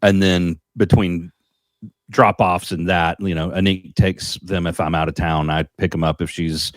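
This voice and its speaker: A podcast co-host with a low voice chats in an easygoing manner about family life, his intonation fairly even and his pace measured. He hesitates now and then, and the recording has no room sound.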